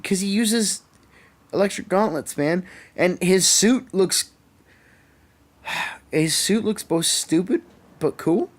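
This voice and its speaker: A man's voice: sits high, takes it slowly, pauses often. A young man with a Canadian accent, ranting sarcastically and swearing often as a podcast co-host. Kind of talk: casual chat. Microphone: podcast microphone.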